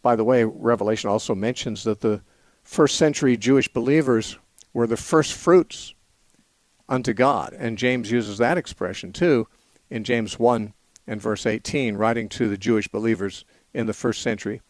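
On a studio mic with no echo, a man of medium pitch hosts a call-in radio show, fielding Bible questions. He explains things in a measured way, thinking aloud and restarting himself now and then.

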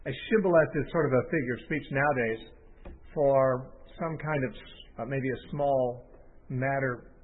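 A man's voice: medium pitch, moderate pace, slightly rough. A man teaching a Bible passage off the cuff, thinking aloud with restarts and fillers. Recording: tinny phone-line audio.

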